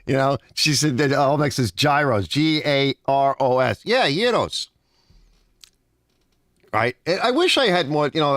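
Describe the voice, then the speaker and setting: A middle-aged man with a heavy New York accent tells stories in a loose, rambling way, his pitch swinging up and down with animation. He keeps checking in with "right?" and "you know?" while reading comments from his garage stream. The sound is dry and close, with little room around it. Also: fairly bright tone, no echo. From Long Island, New York. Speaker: livestream host. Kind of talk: casual livestream chat reading comments. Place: home garage.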